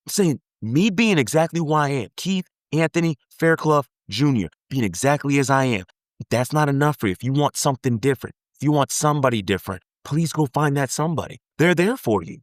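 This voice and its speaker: A man's voice: mid-range voice, animated, fairly quick, no room sound, studio quality. A man giving an earnest motivational self-help talk, pleading and repeating points for emphasis.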